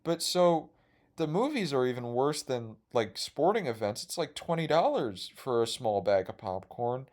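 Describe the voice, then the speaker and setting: A man's voice: mid-range voice, very animated, moderate pace, darkish tone. A young man hosting a podcast, rambling casually on his own with a self-deprecating, profane humor. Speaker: podcast host.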